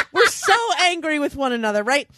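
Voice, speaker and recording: A woman in her thirties telling an animated story in casual chat, laughing often and swearing freely. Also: high-pitched, no room sound. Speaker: storyteller, mother.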